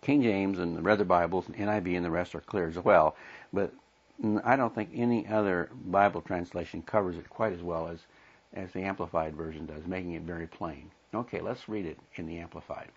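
A man teaching a Bible class lesson in a plain, conversational way, pausing to explain the verses. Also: deep voice, breathy edge, lo-fi sound.

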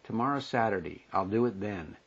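A man reading the lines of an exasperated wife in a scripted marital quarrel, his pitch slightly raised. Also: animated, brisk, breathy edge, highs cut off. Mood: irritated. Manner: read aloud from a script, mildly raised pitch.

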